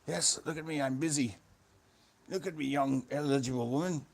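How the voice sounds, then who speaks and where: A man parodying a boastful 1980s yuppie, talking low and quiet close into a phone. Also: normal speed, gravelly. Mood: smug. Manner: boastful, preening. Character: smug 1980s male yuppie on a big phone. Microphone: phone held close.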